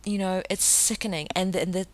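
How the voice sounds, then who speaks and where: A woman's voice: medium pitch, fairly even intonation, a little fast. A woman hosting her own podcast, ranting indignantly and firing off emphatic rhetorical questions. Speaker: podcast host. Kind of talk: solo podcast rant.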